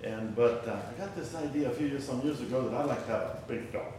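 At a fast clip and in a medium, slightly mellow voice, a male preacher leads a prayer before launching into a meandering, homespun sermon story, regularly putting easy questions to the congregation. The recording was made far from the mic in a large, echoing hall with background noise.

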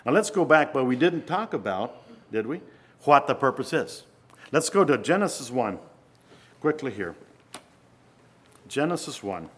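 A man's voice: medium pitch, sing-song, unhurried, long pauses, slightly rough. Earnest male preacher asking questions. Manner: earnest, full of rhetorical questions. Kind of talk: sermon.

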